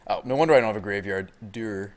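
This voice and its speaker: A man streaming live, commenting on a card game and chatting with viewers in a deadpan delivery with little inflection. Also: on the low side, racing. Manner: thinks aloud, chats with viewers.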